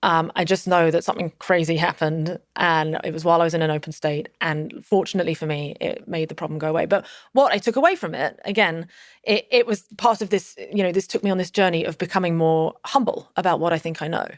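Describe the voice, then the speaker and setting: A woman's voice: fairly low pitch, quick pace, no room sound, clean studio sound. A woman as a podcast guest, telling a personal story casually, rambling with many fillers and restarts.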